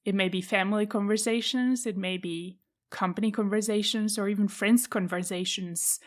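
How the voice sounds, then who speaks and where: A woman with a Czech accent hosting a solo podcast, talking through her thoughts in a measured, reflective way. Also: medium pitch. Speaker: podcast host.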